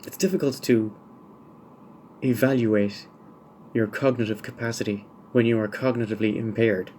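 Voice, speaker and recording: A man talks alone into the mic, working through listener questions in a dry, wry, wandering way. His pitch sits in the middle of the male range. A faint noise hums behind him. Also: darkish tone. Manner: dry, wry, musing asides. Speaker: podcast host. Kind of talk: solo podcast monologue answering listener questions.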